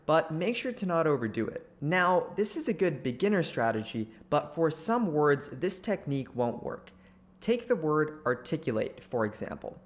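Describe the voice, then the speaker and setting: Channel host teaching how to talk clearly, crisp clipped words, pitch bounces around a lot. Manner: deliberate, crisply clipped articulation. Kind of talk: instructional talk to camera.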